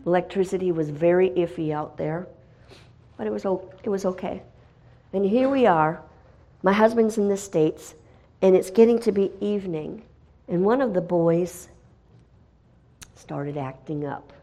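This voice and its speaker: A middle-aged woman giving a spoken testimony as a missionary, telling her story dramatically and swinging from hushed tones to loud, excited bursts. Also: fairly low pitch, measured pace, pauses often.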